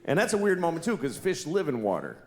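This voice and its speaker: A man's voice: on the high side, wildly swooping pitch, fast talker. Exasperated stand-up man, echoey venue. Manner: exasperated, acts out voices in wild jumps. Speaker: stand-up comedian. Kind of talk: stand-up comedy routine. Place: comedy stage in a large venue with audience. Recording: echoey live venue with ambient noise.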